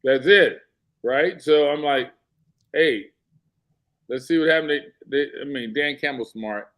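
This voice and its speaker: Animated man telling game stories. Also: fairly high pitch, a little slow. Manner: animated storyteller, acts out quotes. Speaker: guest. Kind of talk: casual sports talk.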